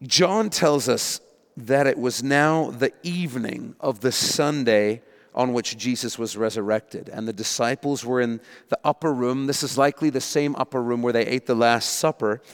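Animated preacher man in a reverberant hall. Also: medium pitch, moderate pace, smooth. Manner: animated storytelling, acting out panicked voices. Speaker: pastor. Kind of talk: sermon.

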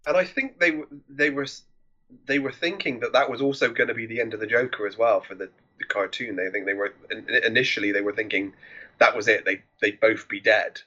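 A man chatting about a film on a podcast, rambling and often starting his sentences over. His tone is bright and forceful, but the recording sounds dull and lo-fi. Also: fairly low pitch, fairly even intonation, fairly quick. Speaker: podcast co-host. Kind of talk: casual film review chat.

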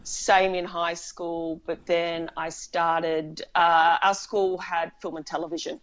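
Woman, film director, chatty storyteller, fairly low voice, dull lo-fi sound. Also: slow pace. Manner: chatty, animated storytelling with laughs. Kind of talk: casual interview conversation.

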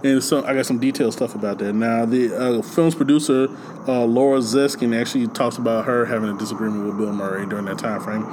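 A man chatting casually about a film, animated and acting out lines with big jumps in his voice. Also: mid-range voice, fast, noisy background. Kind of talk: casual movie chat.

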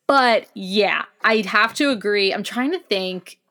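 A woman's voice: mid-range voice, slow pace, bright, forceful tone. A woman co-hosting a podcast in casual chat, enthusiastic and talkative, with many fillers and restarts. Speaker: podcast co-host.

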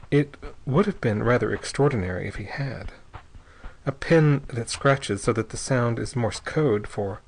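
A man narrating an audiobook in a steady, measured way. His voice sits at a middle pitch, even and unhurried. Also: husky, poor audio.

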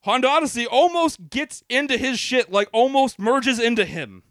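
A man's voice: very high voice, moderate pace, dry recording, clean studio sound. A man on a podcast telling a long road story casually, swearing freely and acting out what people said. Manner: animated, profane, acts out quotes. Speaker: podcast co-host.

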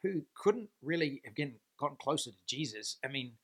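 A man's voice: medium pitch, animated, a little fast. A man giving a faith-based leadership talk to camera, earnest and emphatic, stressing points by repeating words and posing rhetorical questions. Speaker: Christian leadership speaker.

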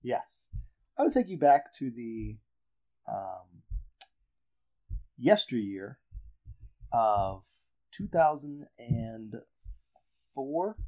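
Animated man telling a sports story. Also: medium pitch, very slow, long pauses. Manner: animated storyteller, builds up reveals. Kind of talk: casual sports podcast chat. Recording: dull lo-fi audio.

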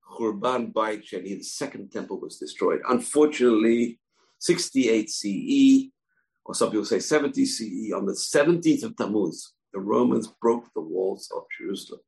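Low gravelly guy teaching jewish history, emphatic, says things twice. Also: rough recording. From family from Babylon, moved to Israel. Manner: emphatic, repeats words for stress. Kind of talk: informal history lesson.

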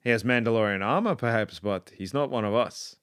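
A man's voice: lowish voice, brisk, fairly bright tone, clear, resonant tone, no echo, studio quality. An Australian man reviewing a show in a rambling, enthusiastic casual monologue full of ums and restarts. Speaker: pop culture commentator.

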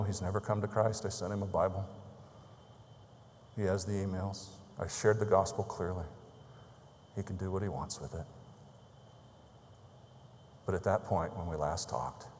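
A man preaching a sermon as a pastor, telling a story that grows quiet and solemn and ends in prayer. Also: sits low, measured pace, long pauses, big-room sound, slight background noise.

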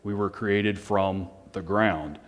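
A man preaching a Sunday night sermon, speaking in a self-described monotone with joking asides to the congregation. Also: low-pitched, slow. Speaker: pastor. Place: church hall on a Sunday night. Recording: long hall reverb.

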